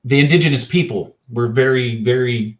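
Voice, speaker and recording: A man chats loosely on a podcast, swearing now and then. He often stops mid-sentence to hunt for the right word. His voice has a middle pitch. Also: normal speed, echoey room. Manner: loose and profane, searching for words. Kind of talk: casual podcast chat.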